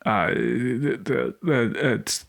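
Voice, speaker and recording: A man's voice: medium pitch, big pitch swings, extremely slow, gravelly. A man co-hosting a podcast in a casual comedic chat, who tells pun jokes as little scenes. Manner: playful, laughing, sets up jokes as scenes. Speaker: podcast co-host.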